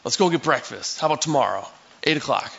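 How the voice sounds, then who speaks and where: A man voicing a calm, gentle adult male Jesus in an easygoing, kindly questioning way. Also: fairly high pitch, quick pace, vocal fry, dull audio.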